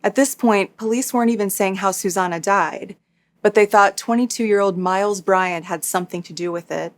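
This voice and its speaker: A woman hosting a true crime recap, reading a scripted narration in a steady, matter-of-fact way with dry asides. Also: mid-range voice, moderate pace. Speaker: true crime YouTuber host.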